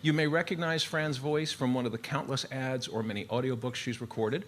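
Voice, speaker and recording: A man's voice: medium pitch, steady tone, fairly quick, a little hiss or hum. Man hosting a live storytelling show. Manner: warm formal emcee delivery with frequent "uh" fillers. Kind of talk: live stage introduction. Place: live venue with audience.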